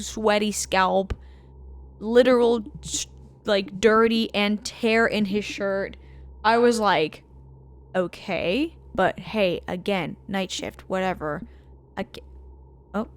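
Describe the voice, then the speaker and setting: A woman co-hosting a game let's play, telling a profane, animated anecdote in a casual chat style. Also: mid-range voice, slow, pauses often. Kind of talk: casual storytelling while gaming.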